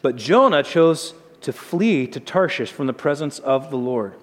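A man's voice: medium pitch, expressive, a little slow. A male pastor preaching a sermon, telling the story in a conversational way with dramatic drops in his voice. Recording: long hall reverb.

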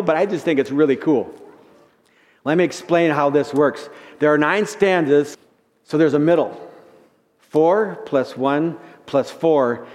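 A male pastor preaching a sermon, rising loud and high when reading scripture and dropping soft for asides. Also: in a large hall.

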